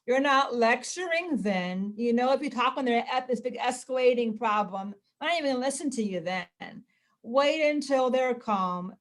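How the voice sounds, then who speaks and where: Woman parent educator, calm explaining tone, kinda high voice, lots of ums. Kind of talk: casual presentation.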